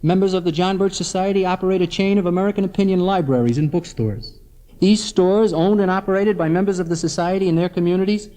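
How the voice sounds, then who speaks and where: A man's voice: fairly high pitch, darkish tone. A middle-aged man giving a scripted, earnest persuasive lecture directly to the viewer as the presenter of an organization's film. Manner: earnest, measured address to the viewer. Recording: old 1970s film soundtrack with long reverb.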